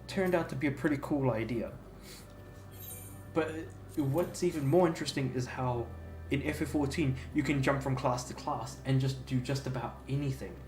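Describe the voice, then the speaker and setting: A man's voice: medium pitch, darkish tone. Rambling male game streamer in an echoey room. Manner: rambling, many fillers and restarts. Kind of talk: casual chat while livestreaming. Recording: echoey room, faint music behind.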